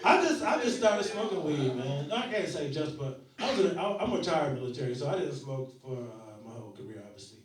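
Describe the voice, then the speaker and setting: Male stand-up in his forties, animated crowd-work delivery, recorded from afar in a reverberant club. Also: fairly high pitch, fast talker, few pauses. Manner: loud, laughing, riffing with the crowd. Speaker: stand-up comedian. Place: small comedy club. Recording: echoey club from far off, loud laughing crowd.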